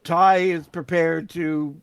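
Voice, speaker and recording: A man casually thinking aloud as a tabletop player, hesitant and full of ums. His voice is high for a man, and it sounds dry and close-miked. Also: little pitch movement, slow pace, gravelly, smooth, dry recording.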